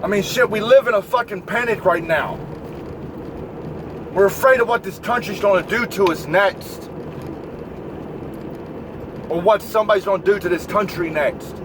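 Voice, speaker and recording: A man's voice: high-pitched, normal speed, pauses often. A man delivering a profane political rant, lecturing the listener directly and swearing freely. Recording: outdoor traffic noise behind voice.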